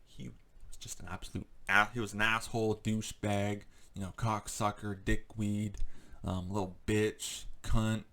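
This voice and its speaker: A man's voice: fairly low pitch, flat delivery, a little slow, bright, forceful tone. A man ranting angrily in a vlog, profane and rambling, full of fillers, still shaken after a confrontation. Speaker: vlogger. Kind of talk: angry ranting monologue.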